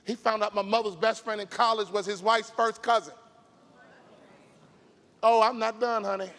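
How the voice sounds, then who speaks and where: A man's voice: high voice, steady tone, normal speed, a bit bright. A middle-aged man from Chicago giving a motivational keynote with an emphatic, preacher-like cadence. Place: large event arena stage. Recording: long hall reverb from live arena.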